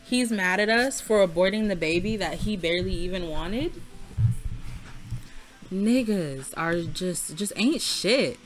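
A young woman giving casual, profane commentary over her life-sim game, chatty and frank, and loud and heated when she rants. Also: lowish voice, lively intonation, measured pace, slight background noise. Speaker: Sims let's play creator. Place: home room.

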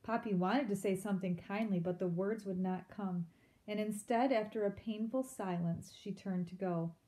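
Warm-voiced woman reading a storybook aloud. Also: medium pitch, normal speed. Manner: expressive storytelling with asides to listeners. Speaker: reader. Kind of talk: reading a children's novel aloud.

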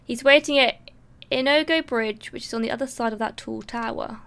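A woman's voice: a little high, normal speed, fairly bright tone, smooth. A woman voicing a polite, apologetic fish-person messenger, reading game dialogue aloud in a formal, courteous way.

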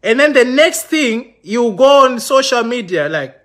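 A man's voice: very high-pitched, big pitch swings, a little slow, fairly bright tone. A man live-streaming an impassioned, accusatory rant to his viewers, stumbling and restarting often. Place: London.

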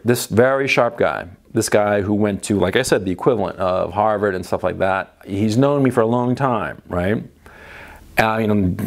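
A middle-aged man hosting a show, telling a personal story in a casual monologue. He swears freely and keeps checking in with "okay?" and "right?". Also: mid-range voice. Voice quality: profane, rambling, with frequent tag questions. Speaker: host.

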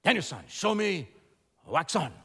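A man's voice: high voice, sing-song, normal speed, sharp tone, breathy edge, heavily acted. A man voicing an elderly male karate master who gives clipped orders in broken English, recorded with long hall reverb. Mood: commanding.

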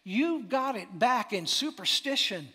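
Animated high-voiced pastor preaching in a reverberant hall. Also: male voice, a little slow, breathy edge. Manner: animated, dramatic, drops to near-whisper for emphasis. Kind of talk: sermon.

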